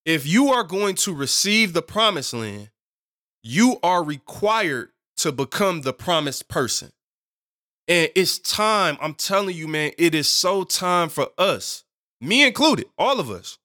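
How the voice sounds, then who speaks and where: A man in his thirties preaching a sermon in an animated, conversational way, with many asides to the congregation. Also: high voice. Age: 30s. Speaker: pastor.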